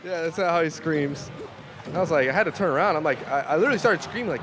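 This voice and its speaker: A man's voice: fairly high pitch, lively intonation, fast talker, noisy background. Profane storytelling esports commentator, man. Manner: profane, storytelling, loud impressions.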